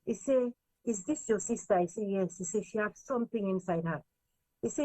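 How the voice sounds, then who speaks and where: A Sierra Leonean woman, slipping in and out of Krio, tells her story with lively energy, her voice pitched in the middle range. The sound is close and dry, with no room around it. She acts out what other people said as she goes. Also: fairly quick, no echo, poor audio. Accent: Sierra Leonean, mixing in Krio. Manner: lively, quotes others in raised voices, slips between English and Krio. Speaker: interview guest, singer. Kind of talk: animated storytelling in an interview.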